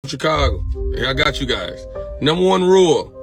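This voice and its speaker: A man giving rowdy, slangy joking advice to camera in a loud voice. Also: mid-range voice, very animated, moderate pace, creaky, music in the background.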